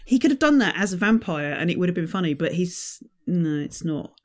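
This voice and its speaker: Podcast co-host, rapid delivery, rambling film-chat asides. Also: mid-range voice, very animated. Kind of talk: casual film discussion.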